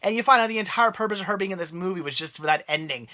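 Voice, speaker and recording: A young man and parent giving a rambling, animated movie review rant, full of restarts. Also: sits high, rapid-fire.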